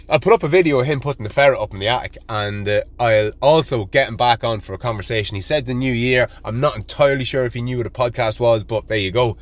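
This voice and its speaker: An Irish man hosting a podcast, telling a rambling anecdote in a casual, animated way and swearing constantly. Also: mid-range voice, quick pace, hardly any pauses, no echo. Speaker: podcast host. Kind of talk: casual storytelling monologue.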